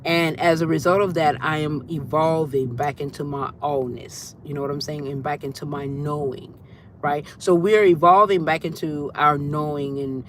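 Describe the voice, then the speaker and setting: A woman's voice: deep voice, fairly even intonation, normal speed, slight background noise. A woman hosting a casual spiritual livestream, talking loosely and greeting her viewers by name as she goes. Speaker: livestream host.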